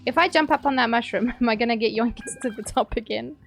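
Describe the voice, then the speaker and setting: High-voiced playful woman streamer. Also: fast talker, gravelly, few pauses, soft background music. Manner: playful, swears freely, talks to chat. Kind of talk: casual gameplay commentary.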